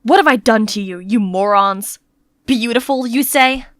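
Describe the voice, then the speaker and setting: A woman voicing a moody, reclusive young man who gives curt, commanding orders in an animated story. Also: a little high, measured pace, no echo, studio quality, pitched below the performer's own voice, lightly acted. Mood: bitter. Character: moody reclusive young male master, stern and short-tempered.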